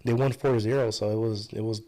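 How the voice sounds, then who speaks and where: Fast, rambling male storyteller on a casual podcast. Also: lowish voice, fairly even intonation, warm tone. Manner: rambling storyteller, many restarts and fillers. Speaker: podcast guest. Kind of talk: casual chat.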